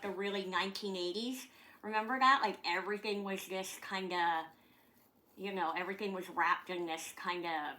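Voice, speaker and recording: A woman's voice: fairly high pitch, pushed and bright. A middle-aged woman from Canada, chatting casually at home in a rambling way, swearing now and then. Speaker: vlogger. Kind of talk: casual chat.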